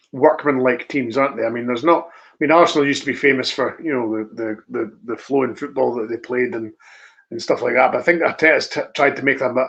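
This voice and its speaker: A man co-hosts a casual football chat, rambling through his points with restarts and short laughs. His voice sits at an ordinary middle pitch. The audio comes through dull and lo-fi. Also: vocal fry, a bit bright. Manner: rambling, hesitant, laughs often. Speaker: podcast co-host.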